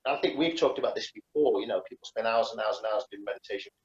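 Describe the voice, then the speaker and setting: A man's voice: fairly low pitch, fast, echoey room, highs cut off. A man, a karate instructor, chatting casually over a beer in a rambling way, full of restarts and fillers.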